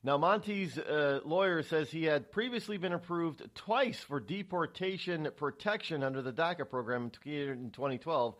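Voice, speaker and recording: A man from the United States hosts a talk radio show, delivering solo political commentary in a rambling, indignant way, often repeating and restarting words. His voice is slightly high and a bit bright, at a moderate pace with hardly any pauses.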